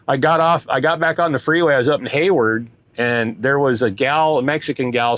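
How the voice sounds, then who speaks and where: An older man spins a long, rambling story from his trucking days. He talks in a chatty, conversational way, often stopping mid-sentence to start over. His voice sits at an ordinary middle pitch. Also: a bit bright. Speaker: truck driver vlogger. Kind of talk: casual storytelling.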